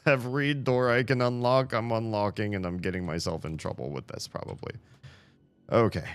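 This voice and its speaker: A man playing a video game and commenting as he goes, excitable and jokey, reading in-game emails aloud. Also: low voice, moderate pace, clear, resonant tone. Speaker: gaming streamer. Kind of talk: let's play commentary.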